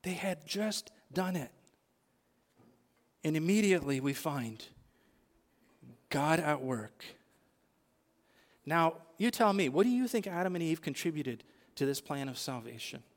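A man's voice: on the high side, expressive, a little slow, long pauses, long reverb tail. A male pastor preaching a sermon, asking the congregation questions and building emphatic lists.

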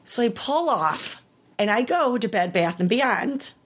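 A woman's voice: fairly high pitch, lively intonation, unhurried, husky. A woman in her thirties, an interview guest, telling a personal story candidly and with emotion, laughing at times.

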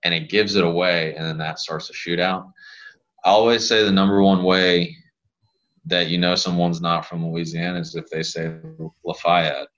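A man, a physical therapist guest on a podcast, chatting casually and telling rambling, animated stories. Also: low voice, moderate pace, lo-fi sound.

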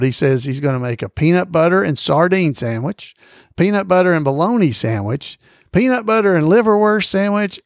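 A man hosts a casual trivia podcast, wandering from point to point with fillers and little laughs. His voice sits a bit high and has a gravelly edge. It is recorded close and dry, with no room sound. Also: dry recording. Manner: rambling, chuckling, many fillers. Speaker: podcast host.

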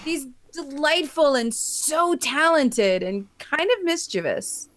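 A woman co-hosting a podcast, chatting in a gushing, animated way. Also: high voice, takes it slowly. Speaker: podcast co-host. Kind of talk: casual chat.

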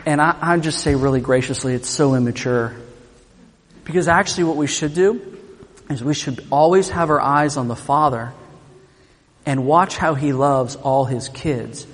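A man preaching a sermon, animated and joking as he tells a Bible story, in a church. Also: mid-range voice, moderate pace, big-room sound. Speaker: pastor.

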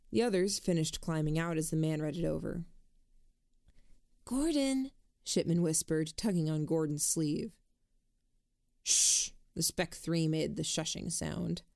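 A woman narrating a first-person story in a measured, introspective way. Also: lowish voice, warm tone, no room sound, clean studio sound. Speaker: audiobook narrator.

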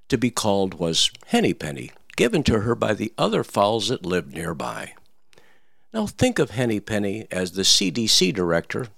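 A man's voice: on the low side, vocal fry, fairly bright tone, no echo, clean studio sound. A man giving satirical political commentary, telling a mocking fairy tale in a theatrical, sing-song way.

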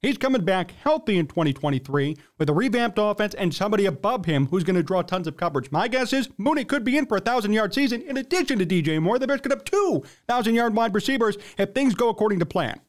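A man's voice: high voice, animated, fast talker, hardly any pauses. A young man hosting a sports talk show, giving blunt, emphatic opinions.

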